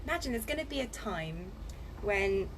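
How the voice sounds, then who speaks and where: A woman's voice: medium pitch, lively intonation, normal speed, rough recording. A chatty, playful woman who rambles cheerfully before settling into reading a children's book aloud. She records from a home studio, with faint noise underneath. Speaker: audiobook reader and voiceover artist. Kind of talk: casual chat, then reading aloud.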